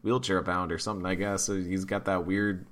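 A man's voice: sits low, flat delivery, brisk, slight background noise. A man co-hosting a podcast, chatting casually and rambling with fillers and restarts. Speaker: podcast co-host. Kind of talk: casual chat.

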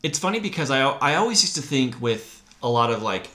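A man in casual conversation about old films, lively and quick to laugh. He slips into little acted-out lines from scenes as he talks, his voice sitting in an ordinary middle register. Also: mid-range voice. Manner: animated, laughs often, acts out movie lines. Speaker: podcast co-host. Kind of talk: casual film discussion.

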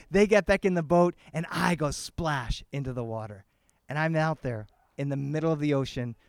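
High-voiced storyteller man. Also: dry recording, clean studio sound. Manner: animated, switches between English and Spanish, acts out family voices. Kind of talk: live storytelling performance. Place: outdoor garden festival.

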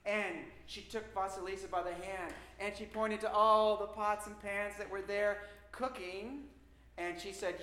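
A man telling a spooky folktale in an animated, suspenseful way with dramatic pauses. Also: high voice. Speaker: storyteller. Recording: echoey room with faint noise.

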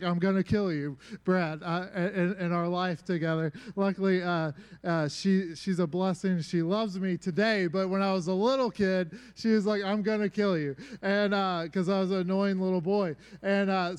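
A young man preaching a casual sermon, relaxed and conversational, with many filler words and joking asides. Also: high voice, clean tone.

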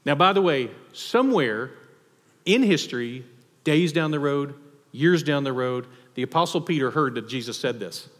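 A man preaching a sermon in a church, conversational and animated, acting out the characters he quotes. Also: medium pitch, normal speed. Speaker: pastor. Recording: long hall reverb.

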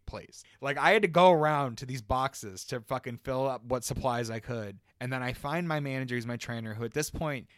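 A man's voice: mid-range voice, no echo, studio quality. A man co-hosting a casual podcast, telling a long story in a rambling, profane way. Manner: profane, rambling, animated retelling. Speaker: podcast co-host.

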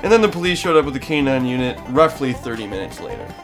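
A man's voice: medium pitch, lively intonation, fast talker, over music. A man co-hosting a casual comedy podcast, reading news items aloud and joking about them. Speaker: podcast co-host.

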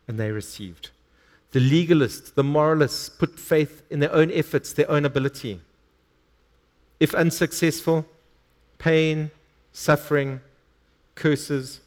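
Guy preaching a sermon, kinda high voice, really leans on his words. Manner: emphatic preaching, reading scripture aloud with strong shifts in pitch and loudness. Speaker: pastor.

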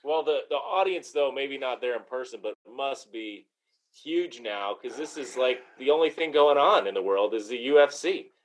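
A man's voice: mid-range voice, lively intonation, moderate pace, rough recording. Man host asking casual questions. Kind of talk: interview questions.

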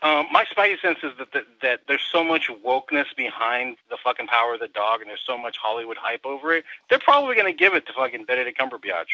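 A man's voice: medium pitch, very animated, fast, hardly any pauses, bright, forceful tone, no echo, muffled recording. A man on a podcast ranting angrily about movies, swearing often. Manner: angry, profane, ranting. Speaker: co-host film critic. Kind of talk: casual podcast rant.

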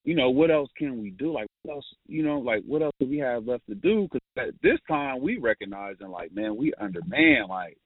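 This guest, a man who used to play in college, tells loose, casual stories at a slightly quick clip with hardly a pause. His medium-pitched voice is animated, with no room sound on a phone-like line, and he laughs frequently while restarting sentences full of fillers.

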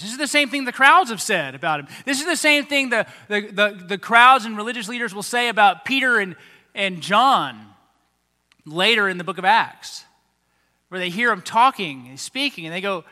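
A pastor preaching a sermon, animated and acting out the lines of people in the story he tells. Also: high voice, normal speed. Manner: animated, acts out quoted voices of the crowds and leaders. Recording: long hall reverb.

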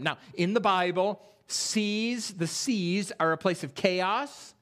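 A man preaching an expository sermon in a church, reading scripture aloud and posing rhetorical questions with animated delivery. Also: high voice, slow pace. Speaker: pastor. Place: church sanctuary.

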